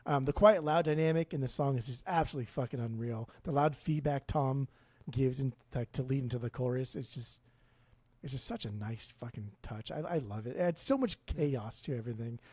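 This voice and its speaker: A man co-hosting a podcast, talking in an animated, profane, rambling way. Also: medium pitch, fairly quick, slightly rough, no echo. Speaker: podcast co-host. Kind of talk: casual podcast chat.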